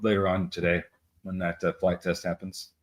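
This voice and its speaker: A man's voice: low-pitched, little pitch movement, normal speed. A man co-hosting a live trading stream, talking casually with many fillers and small jokes. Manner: rambling, many fillers, self-deprecating jokes. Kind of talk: casual market commentary.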